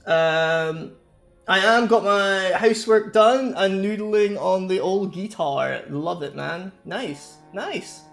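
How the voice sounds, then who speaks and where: A man's voice: high-pitched, gravelly. Streamer guy, rambly chat, lots of laughs, faint music behind. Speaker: live streamer. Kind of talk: casual chat with viewers.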